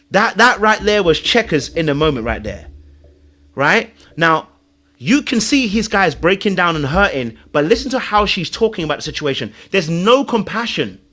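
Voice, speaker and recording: A man hosting a reality-show reaction video, talking excitedly, laughing and breaking into imitations as he comments. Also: high-pitched. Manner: excitable, laughs, mimics voices mid-sentence.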